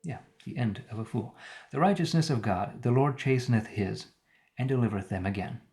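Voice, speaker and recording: This man's voice is mid-range and darkish as he reads the Bible aloud on a live stream. He stops now and then to restate archaic phrasing and add commentary.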